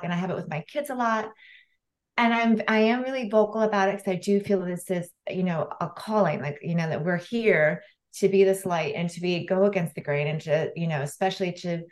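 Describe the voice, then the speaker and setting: A woman co-hosting a podcast as a health coach, chatting casually and telling stories with lively acted-out bits. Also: mid-range voice, fairly quick. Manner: lively storyteller, acts out voices in anecdotes.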